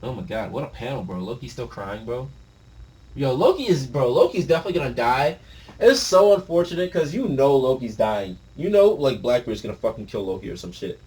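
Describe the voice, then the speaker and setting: A man reading a manga aloud and reacting, talking in a casual, slangy, excitable way. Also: medium pitch, fairly quick. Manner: excitable, slangy, breaks into shouts and laughs.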